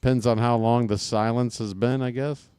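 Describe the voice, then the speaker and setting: A man's voice: medium pitch, steady tone, normal speed, darkish tone, clean tone, no room sound. A man calling a baseball game live for his channel, mixing play-by-play with rambling jokes and chat with viewers. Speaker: play-by-play streamer. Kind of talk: casual baseball commentary with chat.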